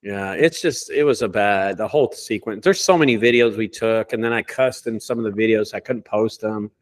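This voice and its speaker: A man who owns a junk removal business, telling animated, profane stories in a casual group chat. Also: lowish voice, fairly quick.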